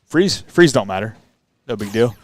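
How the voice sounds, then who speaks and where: A man doing relaxed play-by-play and joking banter on a darts livestream. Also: on the low side, normal speed. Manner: relaxed, joking, calls the throws. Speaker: darts stream commentator.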